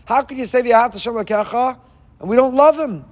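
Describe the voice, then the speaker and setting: Impassioned rabbi in a reverberant hall. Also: male voice, very high voice, quick pace. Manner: impassioned, rhetorical questions, Hebrew phrases. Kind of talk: sermon.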